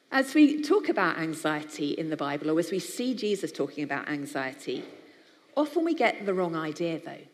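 A woman's voice: low voice, sing-song, normal speed. A woman from the United Kingdom preaches to an audience, keeping it conversational and personal. Her voice carries the long reverb of a big hall. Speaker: speaker for a biblical counselling charity. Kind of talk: sermon-style talk to a live audience.

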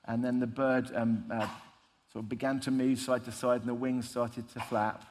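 A man's voice: medium pitch, level tone, normal speed, a little mellow, a little hiss or hum. A man preaching a sermon, telling stories in an emphatic, conversational way. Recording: long reverb of a large hall.

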